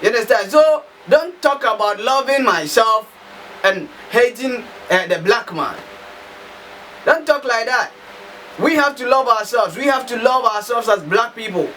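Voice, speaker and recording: A man's voice: extremely high pitch, lively intonation, unhurried, sharp tone. A man from Africa delivering an impassioned, emphatic monologue full of repetition and rhetorical questions. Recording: slightly distant mic, faint background noise.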